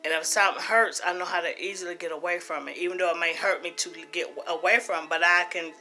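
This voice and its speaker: Middle-aged woman talking straight from the heart, kinda low but bright tone, repeats herself for emphasis. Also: steady tone, fast talker, faint music behind. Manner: earnest, emphatic, repeats phrases, casual speech. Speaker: host. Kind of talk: personal testimony talk.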